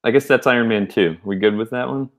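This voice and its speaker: A young adult man with a mid-range voice talks at a quick pace while co-hosting a podcast. The chat is casual and meandering, with plenty of fillers and restarts.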